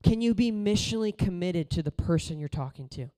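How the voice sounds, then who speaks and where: An animated man preaches at a fairly quick clip, speaking conversationally and weaving in stories. His sermon shifts between loud calls to action and quiet, low stretches.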